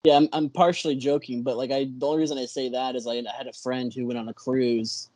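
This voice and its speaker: A podcast guest with a Texan accent talks casually in a mid-pitched voice. He hesitates and gropes for the right words as he goes. The recording is dry and close. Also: flat delivery, quick pace, darkish tone, no echo. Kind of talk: casual chat.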